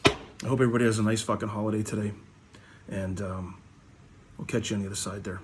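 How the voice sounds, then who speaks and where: A man's voice: lowish voice, fairly even intonation, fast, very noisy. A middle-aged man ranting bluntly in a vlog, swearing constantly. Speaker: hockey card vlogger. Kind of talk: profane ranting monologue.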